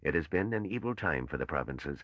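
Man doing a bitter old male patrician, weary, slow, very deep voice, muffled sound. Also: animated, fairly bright tone, no echo, full character voice.

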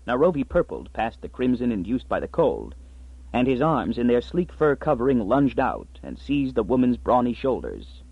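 Husky, animated male audiobook narrator. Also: mid-range voice, normal speed, no echo. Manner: expressive storytelling. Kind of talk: scripted narration. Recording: dry, slightly muffled audiobook.

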